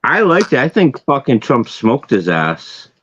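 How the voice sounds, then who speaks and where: A man's voice: medium pitch, wildly swooping pitch, a little slow, a bit bright, husky, dull audio. A man from New Bedford with a Massachusetts accent, chatting casually on a video call, rambling and repeating himself. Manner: rambling, repeats words, swears. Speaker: guest. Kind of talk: casual chat.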